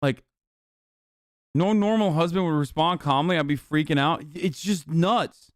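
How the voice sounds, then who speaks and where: A man's voice: fairly high pitch, a little slow, clear, resonant tone, no echo, studio quality. A man streaming a reaction to a crime video, talking casually with lots of swearing, incredulous and worked up. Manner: profane, incredulous, animated rants.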